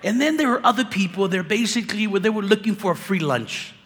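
Man, conference preacher, lively and slangy, somewhat high voice, long hall echo. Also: fast talker. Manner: animated, conversational preaching with slang. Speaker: conference speaker. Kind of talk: sermon. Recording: echoey hall reverb.

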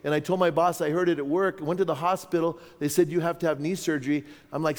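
A man's voice: on the high side, fairly even intonation, quick pace, hardly any pauses, a little mellow. A man in his fifties preaching a candid testimony sermon, acting out the dialogue of his story. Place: conference hall. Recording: long hall reverb.

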